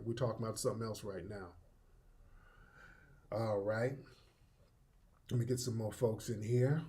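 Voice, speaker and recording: A man's voice: lowish voice, dark tone. A man hosting a live call-in room, combative and repetitive, talking over his callers. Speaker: host.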